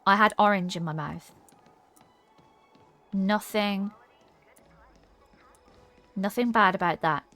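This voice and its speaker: A woman's voice: mid-range voice, takes it slowly, long pauses, bright, forceful tone, soft background music. A woman streamer chatting casually and rambling while playing a game, reading her chat aloud.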